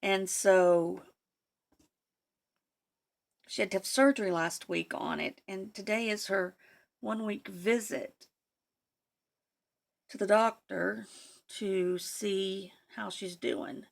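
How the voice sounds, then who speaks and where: A woman with a deeply gravelly, fry-heavy voice talks casually through a craft project. She mutters to herself and coaxes her materials along. Her pitch sits in the middle range. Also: steady tone, slow. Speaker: craft vlogger. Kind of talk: casual crafting tutorial chat.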